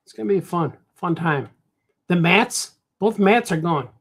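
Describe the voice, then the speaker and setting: Rambling Chicago cartoonist. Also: male voice, sits high, expressive, moderate pace, fairly bright tone, husky. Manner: rambling, talks to himself, says "man" a lot. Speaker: cartoonist streaming while drawing. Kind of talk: casual livestream chat while drawing.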